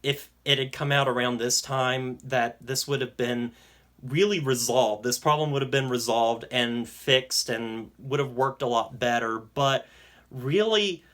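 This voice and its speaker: A young man giving an earnest, enthusiastic film review in a casual spoken style, pausing often with "um". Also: medium pitch, steady tone, fairly bright tone. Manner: enthusiastic, earnest, with frequent "um" pauses.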